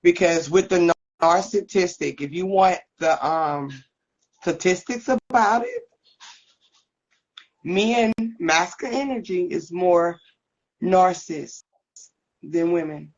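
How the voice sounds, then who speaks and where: A woman's voice: on the low side, takes it slowly, pauses often, lo-fi sound. A woman hosting a podcast, chatting casually and pressing her point by repeating it. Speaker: podcast host.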